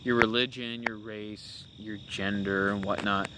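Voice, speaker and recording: A man's voice: on the low side, fairly even intonation, unhurried, very noisy. A young man hosting a podcast, talking through his opinions in a casual, rambling monologue full of fillers and restarts. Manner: rambling, with many fillers and self-corrections. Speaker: podcast host.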